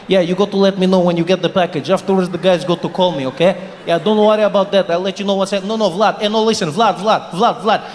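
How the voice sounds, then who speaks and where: A man's voice: high voice, steady tone, slight background noise, close to an everyday voice. A man doing a shady Russian man on the phone. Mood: muttering. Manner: rapid mumbled phone talk. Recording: echoey hall with audience.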